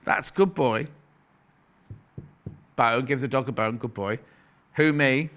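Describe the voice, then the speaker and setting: A man's voice: mid-range voice, slow pace, a bit bright, lo-fi sound. A man presenting on a shopping channel, chatting playfully in live sales patter, correcting himself and reading out prices as he goes.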